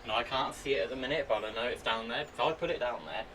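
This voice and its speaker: A man chatting to himself and his viewers in an excitable way while he works on a computer at home. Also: medium pitch, racing. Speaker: vlogger. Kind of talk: casual running commentary while using a computer. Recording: voice a bit far from the mic, faint background noise.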